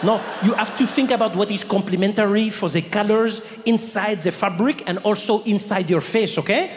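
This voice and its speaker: A man's voice: high-pitched, moderate pace, long reverb tail, voice pushed up, natural voice. A man voicing a haughty, blunt male French shop clerk with a French accent who talks down to a customer. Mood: sniffy. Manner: condescending, ends lines with "okay?" and "no?".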